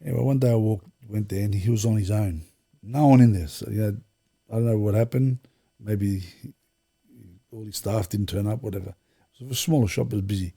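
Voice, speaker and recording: Middle-aged man, guest storyteller; low, gravelly, husky delivery, rambling anecdotes with quoted dialogue. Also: brisk, mellow. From Australia. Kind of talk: casual storytelling interview.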